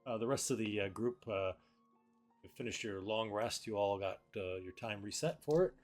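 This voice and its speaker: Man, game master, low voice, relaxed, hesitant, music behind. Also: moderate pace. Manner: relaxed, hesitant, many fillers. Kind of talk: narrating a tabletop game. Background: background music.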